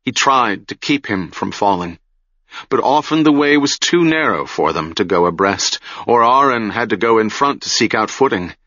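A man reading a fantasy novel aloud in a measured, solemn manner, recorded close on a dry mic with a dull lo-fi sound. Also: on the low side, expressive, bright, forceful tone, no room sound. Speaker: audiobook narrator. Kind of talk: scripted fantasy narration.

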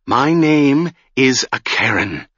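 A man's voice: mid-range voice, animated, takes it slowly, fairly bright tone, no room sound, muffled recording, voice pushed up. A man voicing an old, grey-haired woman, a broken former sorceress who swings between whispering awe and wild anguish. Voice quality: whispery, trembling, pleading.

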